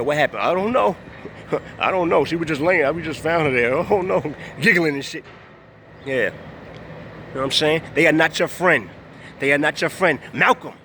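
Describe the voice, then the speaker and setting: A man's voice: fairly high pitch, sharp tone, slight background noise. A man ranting casually to the camera, emphatic and repetitive, looping back to the same points. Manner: emphatic, repetitive, keeps saying "you know what I'm saying". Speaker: vlogger.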